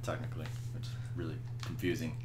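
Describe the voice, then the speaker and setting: A man's voice: extremely low pitch, monotone, fast, reverberant, very noisy. A man gaming with friends who teases them with dry sarcasm and swears when the game goes wrong. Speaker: let's play gamer. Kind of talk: casual gaming chat.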